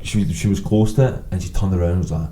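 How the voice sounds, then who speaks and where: A young Scottish man telling casual anecdotes as a podcast guest, swearing freely and animated. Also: sits low, fast talker, a little hiss or hum. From Scotland. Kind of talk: casual chat. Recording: roomy echo.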